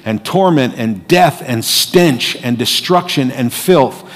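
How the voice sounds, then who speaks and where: Preacher with hall reverb, dramatic swings. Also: male voice, medium pitch, animated, slow pace. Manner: dramatic, swings from hushed to loud. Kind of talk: sermon.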